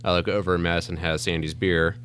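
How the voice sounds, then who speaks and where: Deep-voiced dad telling stories. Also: male voice, fast talker, slight background noise. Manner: relaxed storytelling with fillers and laughs. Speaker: podcast guest. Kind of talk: casual chat.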